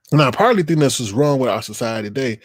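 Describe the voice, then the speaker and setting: A man's voice: medium pitch, breathy edge, no room sound, clean studio sound. Blunt man ranting to livestream chat. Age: 30s. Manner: blunt, profane, talks straight to chat viewers. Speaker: livestream host. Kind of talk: casual livestream rant.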